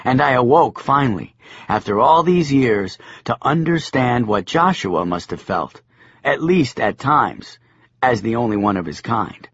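Wry man narrating an audiobook, husky. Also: medium pitch, a little slow, dry recording. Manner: wry, deadpan first-person storytelling. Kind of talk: scripted comic narration. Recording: dull, lo-fi audiobook sound.

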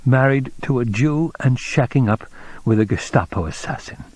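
A man reading an audiobook voices a distraught, confused young woman who speaks in slow, halting fragments. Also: mid-range voice, a little mellow, dry recording, pitched above the performer's own voice, natural voice, poor audio. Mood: disordered.

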